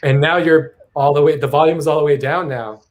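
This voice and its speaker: A man's voice: on the high side, steady tone, brisk. A man hosting a casual live stream over a video call, chatting and thinking aloud. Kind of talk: casual chat.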